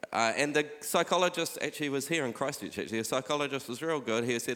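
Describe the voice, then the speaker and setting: A middle-aged man preaching a sermon, urging his listeners on with repeated "come on" and dropping quieter when he reads scripture aloud. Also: mid-range voice, quick pace, few pauses. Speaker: pastor. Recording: long hall reverb.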